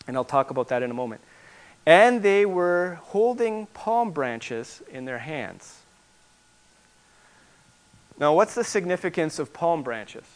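A man preaching a sermon as pastor, building to loud, emphatic repetition and then dropping to quiet asides. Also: on the high side, clear, resonant tone.

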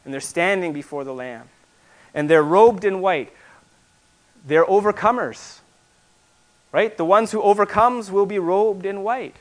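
A man preaching a sermon as pastor, building to loud, emphatic repetition and then dropping to quiet asides. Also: high-pitched, measured pace, pauses often.

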